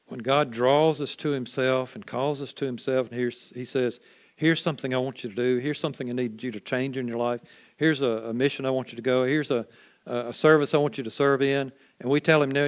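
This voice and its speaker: A man preaching a sermon as a first-person story, folksy and conversational, often dropping to a quiet hush. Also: medium pitch.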